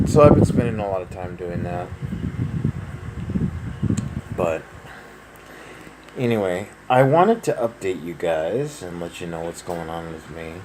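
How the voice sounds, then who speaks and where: Rambling man with a low voice. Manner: rambling, many fillers and restarts. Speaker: vlogger. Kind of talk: casual personal update. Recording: noisy home recording.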